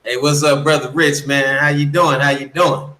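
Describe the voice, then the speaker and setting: A man's voice: on the high side, fairly even intonation, moderate pace, bright, forceful tone, roomy sound, a little hiss or hum, poor audio. A man in casual chat as a guest, telling stories in a blunt, profane way. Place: lives in the Dominican Republic.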